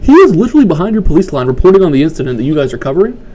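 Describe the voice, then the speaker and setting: Fast-talking ranting male podcast host. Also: a little high, sing-song, mellow. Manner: ranting, sarcastic, profane. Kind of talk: casual political podcast chat.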